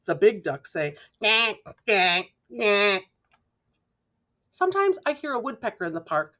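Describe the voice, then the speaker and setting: A woman reading a children's picture book aloud slowly and clearly, imitating the sounds in the story with playful mouth noises. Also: medium pitch, huge pitch swings. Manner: slow, clear reading to young listeners. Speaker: storybook reader.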